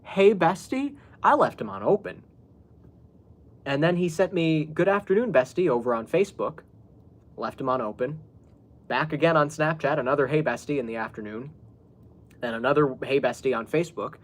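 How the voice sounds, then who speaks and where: A male podcast host with a medium pitch speaks at a moderate pace and pauses often. He tells an exasperated, casual story, laughing frequently and cursing as he repeats what the others said.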